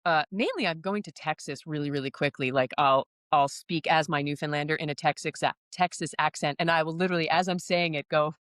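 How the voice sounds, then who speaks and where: A woman actor chatting casually in an interview, animated and laughing often as she quotes herself. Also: sits low, brisk, hardly any pauses, no room sound, studio quality. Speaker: actor in a stage musical.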